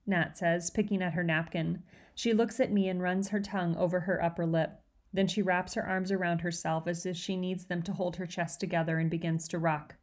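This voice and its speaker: A woman teacher reads a chapter of a novel aloud to her class. Her voice sits low for a woman, and she tells the story in a steady, clear way. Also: normal speed. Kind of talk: reading a novel aloud to students.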